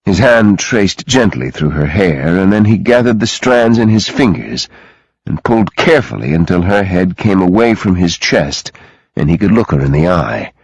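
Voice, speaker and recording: A man reading an audiobook in a dramatic, expressive way, close to the mic. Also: low voice, normal speed, breathy edge, dry recording, poor audio. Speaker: audiobook narrator. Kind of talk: scripted audiobook narration.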